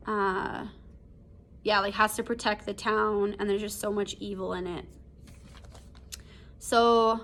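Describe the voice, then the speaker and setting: Brief: woman teacher, slightly high voice, chatty and filler-heavy, home video lesson. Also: fairly bright tone. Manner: casual, chatty, many fillers like "um" and "like". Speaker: English teacher. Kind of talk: recorded lesson discussing a story. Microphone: computer or phone video recording.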